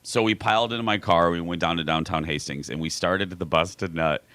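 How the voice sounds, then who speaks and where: A male radio host with a Minnesota accent telling a lively anecdote on a live broadcast. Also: sits low, fairly quick, no room sound. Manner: animated anecdote teller, laughing.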